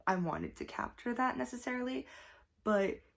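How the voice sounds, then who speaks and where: A young woman talks in a chatty, gushing vlog style, full of likes and restarts. Her voice sits a little high, with a gravelly fry running through it. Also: very animated, normal speed. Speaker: vlogger. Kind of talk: casual chat.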